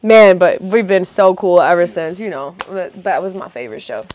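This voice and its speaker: A young adult woman telling stories as a guest, animated and profane, acting out what other people said. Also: on the low side, normal speed. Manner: lively, profane, acts out other people's lines. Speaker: reality TV contestant guest. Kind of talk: animated storytelling chat.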